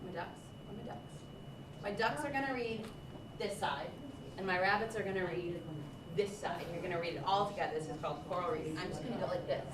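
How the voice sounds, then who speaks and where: A woman presenting a hands-on workshop to early childhood teachers, lively and encouraging, often saying um. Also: lowish voice, fast talker. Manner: lively, encouraging, with frequent ums. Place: large room with a group. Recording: echoey, distant, noisy room recording.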